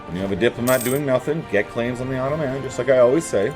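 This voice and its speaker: A man's voice: mid-range voice, fast talker, music in the background. A man giving casual, wry running commentary while playing a strategy game, joking to himself as he goes.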